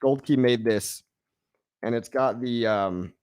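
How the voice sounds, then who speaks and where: A man's voice: mid-range voice, slow, darkish tone, clean tone, no echo. Male host in his thirties, slangy, laid-back, laughs a lot, dry close sound. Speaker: crypto show host. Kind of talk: casual livestream Q&A.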